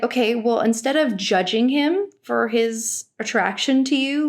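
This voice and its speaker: Brief: young woman vlogger, middle-pitched voice, sarcastic and exasperated reacting to a show. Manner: exasperated, sarcastic, outspoken with swearing. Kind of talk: casual reaction commentary.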